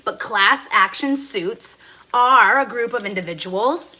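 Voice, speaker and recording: A woman's voice: a little high, slow, bright, forceful tone. Chatty woman livestreaming while cooking. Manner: chatty, reads viewer comments aloud, swings from cheerful to indignant. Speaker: livestream host. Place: home kitchen. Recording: faint background noise from frying food. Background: food sizzling in a pan.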